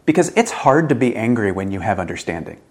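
A man preaching a sermon in an earnest way, rising to emphatic questions and dropping low and quiet. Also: big pitch swings, quick pace. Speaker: pastor.

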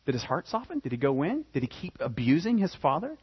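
A male pastor preaches with animated, dramatic storytelling, his pitch swooping widely. His voice is husky and sits a little high. The recording is dull and lo-fi. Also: fast talker. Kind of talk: sermon.

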